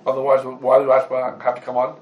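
A man's voice: medium pitch, fairly quick, lo-fi sound. Man teaching law, firing rhetorical questions. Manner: lively, rhetorical questions, Hebrew terms woven into English. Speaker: rabbi teaching a class. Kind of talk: Talmudic law lesson.

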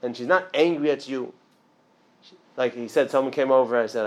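A man teaching an informal religious class, talking conversationally with restarts and asides, and jumping up in pitch and loudness to stress his points. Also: normal speed, long pauses.

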